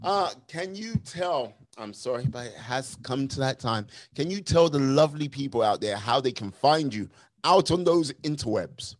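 A man's voice: medium pitch, lively intonation, normal speed. A man hosting a podcast interview in a casual, playful way, laughing often and drawing out his sign-offs. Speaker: podcast host.

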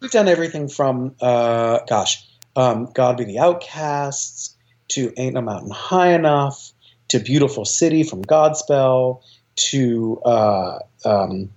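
Rambling, eager man with a mellow voice. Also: mid-range voice, expressive, slow pace, lo-fi sound. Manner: enthusiastic, rambling with many fillers and restarts. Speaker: choir director and guest. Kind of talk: casual interview talk.

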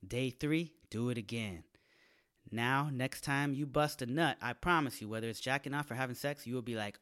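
A comedian on his own podcast gives his audience a casual, crude bit stuffed with slang and put-on voices. He speaks at a moderate pace in a medium-pitched voice that's smooth and a little bright.

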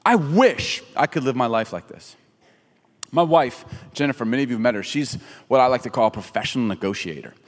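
A middle-aged man preaching a sermon in an animated, conversational way, acting out quotes as he goes. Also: mid-range voice, fast, few pauses. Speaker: pastor. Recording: reverberant hall.

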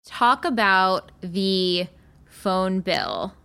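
A woman's voice: mid-range voice, lively intonation, drawn-out words, gravelly, bright, forceful tone, clear, resonant tone. A woman hosting a casual chat, prompting her guest to tell a story.

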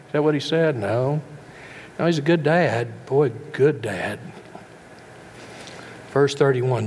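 A man's voice: mid-range voice, unhurried, long pauses, a little mellow, slight background noise. A man preaching a sermon, asking his listeners question after question and often stumbling over repeated words. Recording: long reverb in a hall, faint background.

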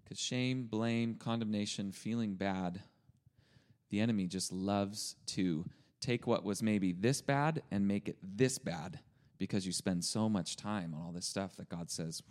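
A man's voice: low-pitched, vocal fry, darkish tone. A man speaking casually about faith and self-talk, encouraging listeners. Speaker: speaker sharing faith teaching.

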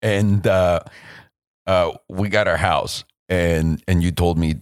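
A young man co-hosting a podcast, chatting casually and telling animated stories with acted-out quotes. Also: low-pitched, takes it slowly, clean tone, no room sound, studio quality. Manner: storytelling, animated, acts out quotes in a raised voice. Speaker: podcast co-host. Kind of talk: casual chat.

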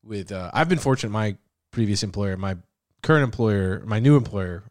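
A man's voice: on the low side, expressive, normal speed, a little mellow, dry recording, clean studio sound. A man co-hosting a podcast in casual, profane, jokey chat. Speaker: podcast co-host.

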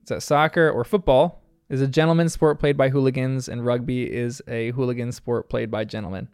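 Animated young man, smooth voice. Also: medium pitch, brisk, dry recording, soft background music. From United States. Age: young adult. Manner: animated, amused, laughs often. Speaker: episode reviewer. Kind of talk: casual commentary.

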